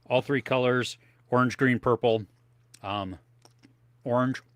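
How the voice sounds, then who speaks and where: A podcast co-host streams a live movie show from his home office setup, rambling casually and eating snacks on air. His voice is mid-range and a bit bright, with fairly even intonation and a slow pace, and no room sound.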